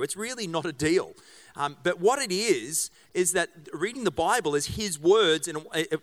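A man's voice: fairly high pitch, fairly bright tone. A middle-aged man, a pastor giving a casual sermon in a church, chatty and joking, with many fillers and restarts. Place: church auditorium.

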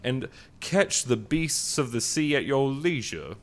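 A man doing a refined Southern gentleman with a put-on American Southern accent, talking in a mock-dignified, jokey manner. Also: medium pitch, big pitch swings, slow. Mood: mock-genteel. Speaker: podcast co-host.

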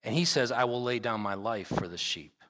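A male pastor delivers an emphatic sermon in a clear, ringing voice. He reads scripture at length and hammers key phrases by saying them twice. The sound lingers with a long reverb in a large church sanctuary. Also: medium pitch, moderate pace, a bit bright. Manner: emphatic preaching with repeated phrases.

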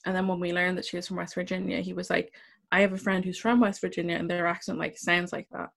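A woman's voice: fairly low pitch, fast, vocal fry. Woman co-host, casual film chat, easygoing and talkative. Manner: relaxed, chatty, laughs easily.

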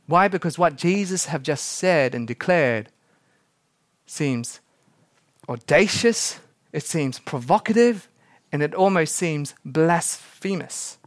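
Man, pastor, sermon, high voice, dry close sound, dramatic delivery. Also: fairly bright tone, no room sound. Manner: dramatic, acts out quotes, slows for emphasis.

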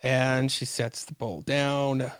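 A man's voice: mid-range voice, little pitch movement, takes it slowly, no room sound. A man, a podcast guest, casually recapping a comic book and acting out the characters' lines as he goes.

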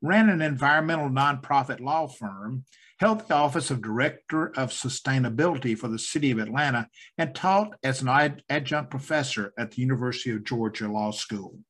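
A man's voice: medium pitch, fairly bright tone. Genial male podcast host. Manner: genial, laughs often, some halting restarts. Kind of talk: interview podcast.

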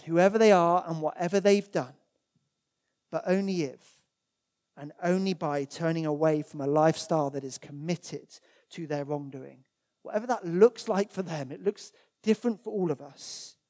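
Here a preacher gives a church sermon in a mid-range voice with a mellow, darker quality. His delivery is earnest and forceful, built on repeated words, with scripture read aloud at points.

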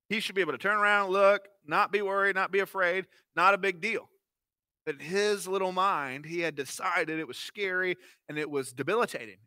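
A man's voice: sits high, pushed and bright, no room sound. A man in his thirties preaching a sermon as pastor, telling stories expressively with fillers and restarts.

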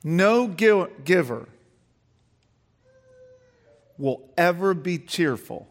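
A man preaching to his congregation in a church with a long, ringing reverb. His voice sits high, and he questions the listeners and builds to emphatic, rising passages. He often repeats and restarts phrases. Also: lively intonation, very slow. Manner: emphatic preaching that rises in pitch and volume as he builds. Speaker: pastor. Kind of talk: sermon.

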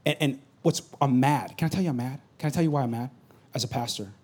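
A pastor preaching a sermon, swinging from loud urgent bursts to low confiding asides. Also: male voice, fast, breathy edge.

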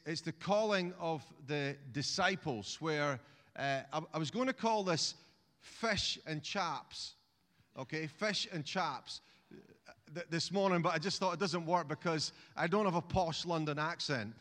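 A man's voice: a little high, moderate pace, a bit bright, in a large hall. A man preaching a sermon in a chatty, humorous way, often restarting phrases and calling on the congregation to repeat words. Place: church.

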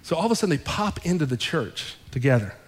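A man with a fairly high voice preaches from the pulpit, retelling a story and voicing each person's lines as he goes. His words ring out through a church sanctuary with a long reverb tail. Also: fast talker, slightly rough. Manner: animated retelling with quoted dialogue. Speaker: pastor. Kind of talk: sermon storytelling.

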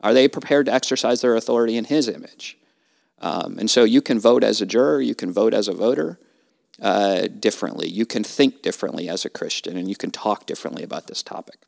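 A man's voice: on the low side, fast talker, creaky, a little mellow. A man, a trial lawyer and guest on a casual podcast conversation, talking in an earnest, emphatic, almost preacherly way.

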